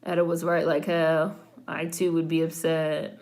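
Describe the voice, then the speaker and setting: A woman's voice: low-pitched, level tone, unhurried, gravelly, darkish tone. A woman hosting a casual watch-along of a film, commenting bluntly and swearing freely. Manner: blunt, profane, talks back at the screen. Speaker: host reacting to a film.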